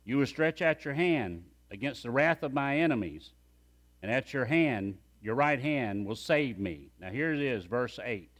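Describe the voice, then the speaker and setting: A man's voice: mid-range voice, animated, a little slow, fairly bright tone. A man preaching a sermon as pastor, emphatic and calling on the congregation to repeat phrases after him.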